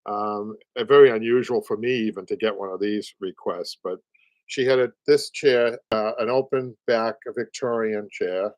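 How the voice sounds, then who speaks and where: There's no room sound around this man's lowish, somewhat dark voice, which moves at a normal speed. He's in his sixties, speaks with a Boston accent from the Boston area, and rambles chattily through a live upholstery stream, often repeating words and laughing.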